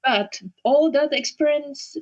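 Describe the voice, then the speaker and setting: Slow, hesitant Japanese-native woman. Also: high voice, muffled recording. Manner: slow and hesitant, frequent fillers and restarts. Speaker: interview guest, conductor. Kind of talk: casual interview conversation.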